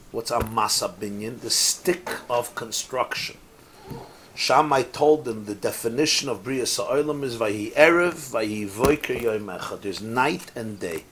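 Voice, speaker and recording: A man, a rabbi, teaching a Torah class in a lively, sing-song lecture style, mixing in Hebrew and Yiddish phrases, asking rhetorical questions and cracking jokes. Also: mid-range voice. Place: synagogue study hall, live class.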